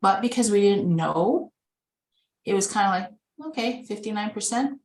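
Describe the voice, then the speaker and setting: A caregiver and organ donation advocate from Winnipeg, Manitoba, Canada, shares her own story in a webinar over a video call, earnest and conversational, acting out remembered dialogue. Her mid-range voice has a darkish tone at a moderate pace, recorded in an echoey room.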